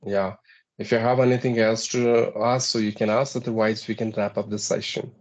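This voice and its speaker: Indian man giving measured advice, lo-fi. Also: fairly low pitch, flat delivery. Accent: Indian English. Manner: measured, advisory, counts points off one by one. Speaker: English practice partner. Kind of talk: conversational English practice session.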